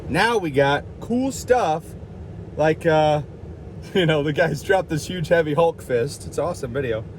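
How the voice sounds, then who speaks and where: Goofy rambling vlogger guy, slightly high voice, kinda over the top, little bit of street noise. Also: animated, unhurried. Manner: jokey, rambling, self-mocking, over the top. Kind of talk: casual rambling vlog.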